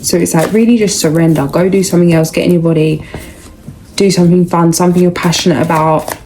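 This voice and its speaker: A woman's voice: on the low side, steady tone, quick pace, dark tone, slight background noise, rough recording. A young woman giving a casual, rambling tarot reading, chatty and full of slang. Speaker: tarot reader.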